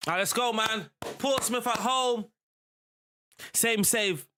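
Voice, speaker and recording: A man streaming a football management game, talking casually and getting excited, at times shouting at the plays. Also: high voice, slow pace, a little hiss or hum. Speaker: gaming streamer. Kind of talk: live game commentary.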